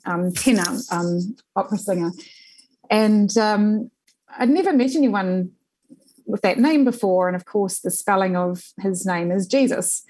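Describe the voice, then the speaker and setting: A woman spins her work stories in an easy, conversational way. She talks at a middling pitch, stacking fillers and quick restarts as the anecdotes roll out. She sounds like a journalist being interviewed about her career. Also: rough recording. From New Zealand. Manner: animated anecdotes with frequent fillers and laughter. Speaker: journalist guest.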